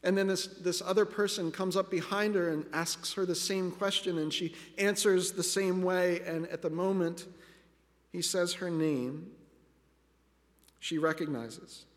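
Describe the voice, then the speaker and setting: A man's voice: high-pitched, steady tone, a little slow. A man preaching a sermon as pastor, earnest and reflective, speaking directly to his listeners as friends. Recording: long reverb of a large hall.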